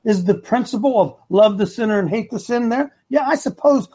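A man's voice: high-pitched, brisk, dark tone, breathy edge. A man hosting a live opinion talk show, rambling and repeating himself for emphasis while talking to his producer and the chat.

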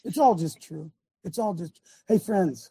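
Folksy preacher-host, high and gravelly, dry close sound, emphatic casual sermonizing. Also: male voice, measured pace, dark tone, dry recording. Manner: folksy, emphatic, talks to his tech aloud. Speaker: preacher hosting a live show.

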